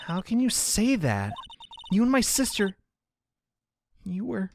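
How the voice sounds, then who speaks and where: An earnest young woman, anxious and pleading, as a man puts her on. The voice sits raised and lively, with faint game music behind. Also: high voice, slow pace, vocal fry, voice pushed up, full character voice. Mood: worried. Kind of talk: voicing game dialogue.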